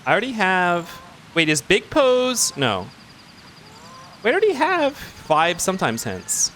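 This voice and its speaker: Guy streaming a game, chatting to himself, high bouncy voice, some music under it. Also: unhurried, a little hiss or hum. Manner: excitable, talks to himself while playing. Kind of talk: casual game commentary.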